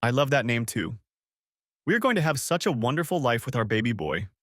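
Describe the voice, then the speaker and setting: A tearful young woman pleads through sobs as the story's girlfriend, voiced by a male narrator. The reading stays close and dry, with a lively rise and fall in pitch. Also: a little fast, no room sound. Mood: relieved. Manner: pleading, sobbing.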